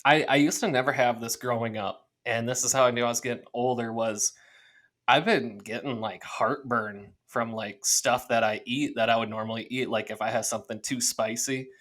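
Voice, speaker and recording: A man's voice: mid-range voice, fairly even intonation, moderate pace, fairly bright tone. Rambling young man telling stories. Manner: rambling storyteller, acts out his own thoughts. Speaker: podcast co-host. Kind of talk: casual chat.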